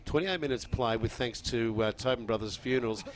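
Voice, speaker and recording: A man giving energetic play-by-play of a football match on radio, pushing louder on the big moments. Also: medium pitch, a little fast. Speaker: co-commentator. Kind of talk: radio sports commentary.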